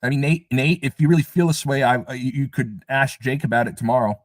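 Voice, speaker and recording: A man's voice: mid-range voice, steady tone, fairly quick, dry recording. A man hosting a casual live stream, talking emphatically and scoffing as he repeats his points. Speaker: livestream host.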